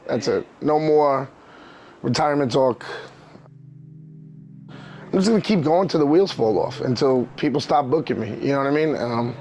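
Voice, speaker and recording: A New man in his thirties, a professional wrestler guest, tells his own story with open emotion. His voice sits a little above the usual male range. He rambles and circles back, filling his talk with "you know what I mean". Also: a little high. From New York. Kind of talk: candid personal storytelling.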